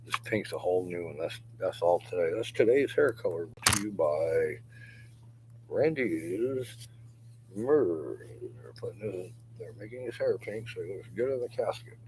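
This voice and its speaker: A man's voice: low-pitched, lively intonation, normal speed, background noise. An older man rambling through a profane, confessional livestream monologue.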